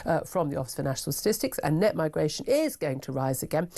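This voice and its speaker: A British woman hosting a talk radio show, gravelly and sniffly with a cold, delivering a brisk, scornful opinion monologue from a studio mic. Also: low voice, sing-song, warm tone. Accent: British English. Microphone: studio microphone.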